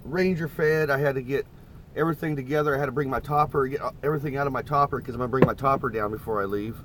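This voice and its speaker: A man's voice: mid-range voice, steady tone, fast talker, background noise. A middle-aged man chatting casually and rambling to his viewers on a live stream from inside a parked camper van. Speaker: vlogger.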